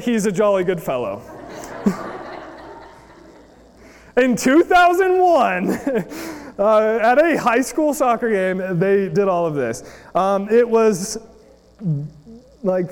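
High-voiced man preaching in a reverberant hall. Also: smooth. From United States. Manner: chatty, storytelling, many fillers. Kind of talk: sermon with personal story.

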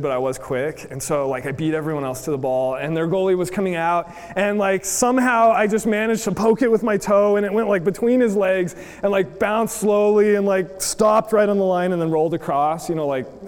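High-voiced man preaching in a reverberant hall. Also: steady tone, fairly quick, few pauses, clean tone. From United States. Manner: chatty, storytelling, many fillers. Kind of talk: sermon with personal story.

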